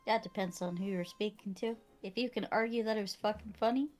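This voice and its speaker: A woman's voice: mid-range voice, steady tone, brisk, darkish tone, faint music behind. A woman co-streaming a game, chatting playfully and bluntly, swearing freely. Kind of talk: casual game playthrough chat.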